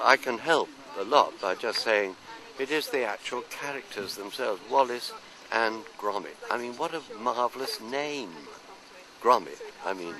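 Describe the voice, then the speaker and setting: A man's voice: medium pitch, low-quality recording. An older man from London, an actor answering interview questions in a chatty, anecdotal, self-deprecating way.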